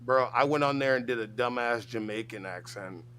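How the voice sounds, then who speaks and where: Man co-host, bright tone, rambly, jokey, swears a lot. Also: medium pitch, normal speed, clean tone. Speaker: stream co-host. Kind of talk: casual livestream chat.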